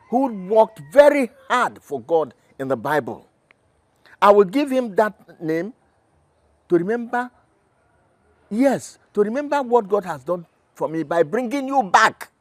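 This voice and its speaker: A man's voice: high voice, very animated, a little slow, long pauses, no echo. An actor with a Nigerian accent playing a father who soothes his pregnant daughter and then confronts the man responsible. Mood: indignant. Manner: pleading, tender then angry on phone. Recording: film soundtrack with loud music.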